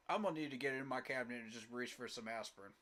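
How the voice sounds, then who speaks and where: A medium-pitched, fairly bright male voice belongs to a young fan streamer. He rants at his football team in exasperation during a live sports reaction, repeating himself emphatically.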